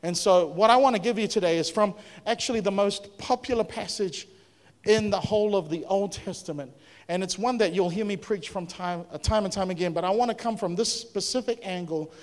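A man preaching a sermon as a pastor, in a lively, conversational way, often asking his audience questions. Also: sits high, brisk, big-room sound. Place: church hall.

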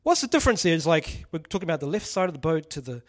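A man's voice: a little high, big pitch swings, racing. A man preaching a casual sermon, joking and putting questions to the congregation. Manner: chatty, jokey, asks the audience questions.

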